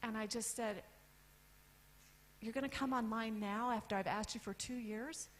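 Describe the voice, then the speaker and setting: A woman in her fifties stands on stage and tells her own story in a candid, direct way. She lists things one at a time with pauses for effect. A faint hum sits under her voice. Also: on the high side, fairly even intonation, rough recording. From United States. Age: 50s. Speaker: speaker telling her story. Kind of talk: personal story talk on stage. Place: event stage.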